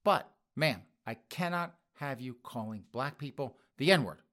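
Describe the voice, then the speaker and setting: A man voicing a weary, patient police officer who talks in a flat, tired way. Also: medium pitch, a little slow.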